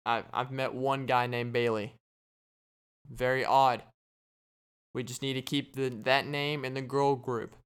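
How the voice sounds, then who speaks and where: A man hosts his podcast in a casual, deadpan comic monologue. He talks at a slow, unhurried pace and acts out little imagined conversations. His voice is smooth and clear, at an average pitch. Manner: deadpan, joking, acts out quoted exchanges. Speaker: podcast host.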